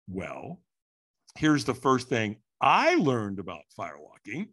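Animated, bright-voiced male storyteller. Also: medium pitch, unhurried, breathy edge. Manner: animated, acts out quotes with sudden shouts. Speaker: podcast guest. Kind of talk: storytelling in a podcast interview.

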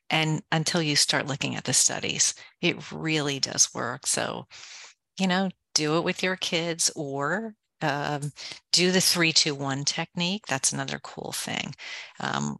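A woman author, a guest on an interview show, explaining things in an energetic, practical way and walking through simple steps one at a time. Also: sits low, gravelly, no room sound. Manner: energetic, gives practical step-by-step guidance; self-described go-go person. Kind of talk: conversational advice in an interview.

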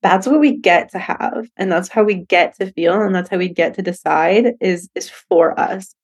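A woman's voice: on the low side, moderate pace, breathy edge. A woman hosting a solo podcast, candid and profane, laughing often and acting out little voices as she talks. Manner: animated, acts out voices in quotes. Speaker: podcast host. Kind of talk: casual solo podcast monologue.

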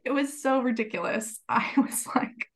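A woman guest on a podcast, telling her story in a lively, laughing way and acting out what people said. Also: on the high side, moderate pace. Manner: animated, laughs while telling, acts out quotes. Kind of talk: casual storytelling.

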